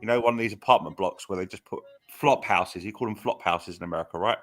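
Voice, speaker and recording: A man's voice: fairly low pitch, fast. A man on a podcast telling a long rambling story in casual chat, full of restarts and fillers. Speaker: podcast co-host.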